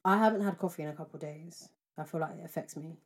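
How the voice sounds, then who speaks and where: Young woman, podcast co-host, slangy and sweary, slightly low voice. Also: racing. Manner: swears freely, animated slang. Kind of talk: casual chat.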